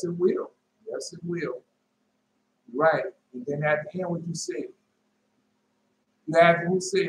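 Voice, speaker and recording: A man preaching informally and telling a dream, emphatic, repeating his phrases and jumping into sudden high shouts. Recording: echoey room with faint noise.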